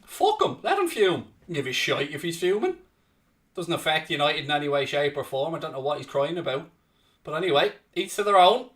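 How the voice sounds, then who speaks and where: A man's voice: a little high, fairly quick, fairly bright tone, distant mic. A man hosting a live football watchalong, swearing, cheering his team on and winding up rival fans. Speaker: host of a football fan watchalong. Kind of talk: live reactive match commentary, casual banter.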